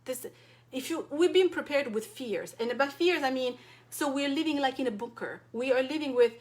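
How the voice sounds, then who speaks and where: A woman's voice: high voice, normal speed, a little mellow. A woman from Europe, a wellness coach, speaking directly and passionately to her support group, full of rhetorical questions. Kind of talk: impassioned direct-to-camera talk.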